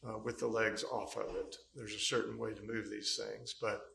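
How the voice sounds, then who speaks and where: A man on the witness stand recounts events in a rambling, halting manner, often pausing on fillers. His voice has a gravelly, creaky edge. The courtroom mic picks up noticeable room echo. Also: lowish voice, level tone, a bit bright, a little hiss or hum. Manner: rambling storyteller, hesitant with many fillers. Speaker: trial witness. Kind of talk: courtroom testimony.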